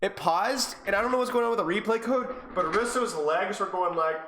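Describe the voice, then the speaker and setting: A man's voice: high-pitched, brisk, pushed and bright. A man who is sick, coaching a player through a gameplay review in an exasperated, teasing way, his voice climbing when frustrated. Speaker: game coach.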